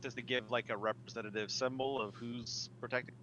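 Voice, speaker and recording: A man playing a tabletop game who chimes in with short, inquisitive remarks. His voice is bright, with a faint hum in the background. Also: medium pitch, fairly even intonation, brisk, dull audio. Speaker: player. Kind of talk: casual tabletop play.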